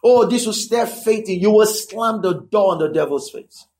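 A man with a notably high voice preaches a sermon. He talks emphatically, repeats key lines for effect, and keeps checking in with his listeners between points. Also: moderate pace, darkish tone. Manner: conversational asides to the listeners.

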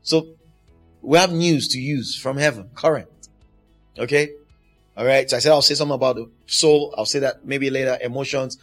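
A man's voice: medium pitch, moderate pace, soft background music. A man preaching a sermon, emphatic and driving his points home by repeating them.

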